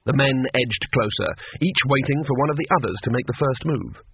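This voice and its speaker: A man reading a comic story aloud in a wry, lively way, in a dry, tinny recording. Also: medium pitch, fairly quick, husky, no room sound. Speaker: narrator. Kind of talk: scripted comic narration. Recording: dry, tinny phone-like sound.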